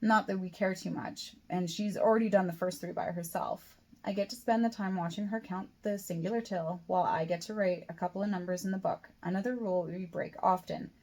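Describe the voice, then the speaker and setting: A woman's voice: lowish voice, steady tone, fairly quick, darkish tone. A woman reads her own novel aloud as first-person audiobook narration. Her delivery is plain and unpolished, and she stumbles and restarts lines now and then. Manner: plain reading with occasional slips and restarts. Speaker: author reading her own book.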